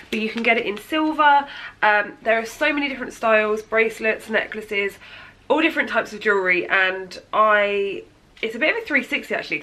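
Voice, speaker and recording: A woman's voice: mid-range voice, bright, forceful tone, rough recording. A thirty-year-old woman with a chatty, gushing manner, showing birthday gifts in a casual vlog. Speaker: beauty vlogger. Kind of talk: casual haul chat.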